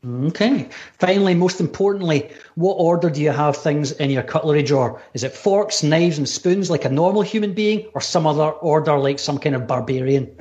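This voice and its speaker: A man with a Scottish accent hosting a casual livestream interview, teasing and joking as he fires off quick questions. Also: fairly high pitch, a little mellow, muffled recording. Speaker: podcast host. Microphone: video call.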